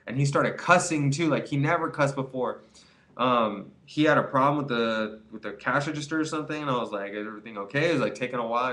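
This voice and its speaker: Young male vlogger, casual and rambling, mid-pitched, lots of restarts. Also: fast talker, sharp tone. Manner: rambling, repeats words, acts out quoted voices. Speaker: vlogger giving quit-weed advice. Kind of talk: casual storytelling monologue.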